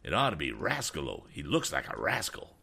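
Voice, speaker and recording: A man voicing an excitable, eccentric older gentleman who blusters and exclaims. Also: extremely low pitch, fairly quick, gravelly, slightly rough, full character voice. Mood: blustering.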